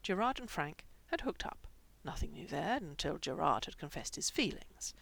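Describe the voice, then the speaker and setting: A woman reading fan fiction aloud with expressive, animated narration. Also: sits low, normal speed, vocal fry. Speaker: reader.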